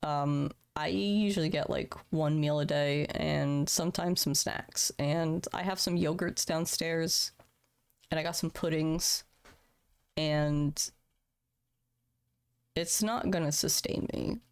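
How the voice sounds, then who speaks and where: A woman's voice: sits low, fairly even intonation, slow, gravelly, smooth. A woman in her thirties, a streamer, talking candidly and emotionally on a livestream from home, swearing casually. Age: 30s. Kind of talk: candid personal talk on a livestream. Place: home room.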